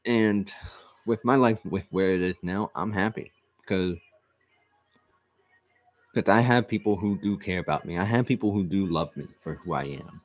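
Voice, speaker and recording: Deep-voiced man earnestly telling a personal story. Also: no echo. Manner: earnest, repetitive, halting restarts. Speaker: vlog host.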